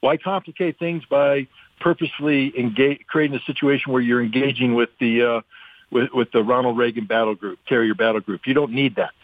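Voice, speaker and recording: A man's voice: mid-range voice, steady tone, brisk, no echo. A man calling in as a guest analyst on a radio talk show, speaking bluntly and emphatically about arms control. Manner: blunt, emphatic, acts out quotes in mocking voices. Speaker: guest analyst, former weapons inspector. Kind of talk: radio call-in commentary. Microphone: phone line. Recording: tinny phone line, dry.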